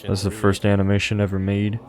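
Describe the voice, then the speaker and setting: A man's voice: on the low side, monotone, brisk, faint music behind. A young man hosting a streamer podcast, chatting casually and rambling with lots of fillers and restarts. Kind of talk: casual chat.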